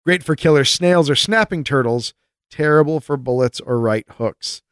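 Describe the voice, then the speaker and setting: A man's voice: fairly high pitch, moderate pace, clean tone, no room sound, studio quality. A man co-hosting a podcast, reading listener mail aloud in casual banter and laughing often. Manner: jokey, laughs often, lively delivery. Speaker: podcast co-host.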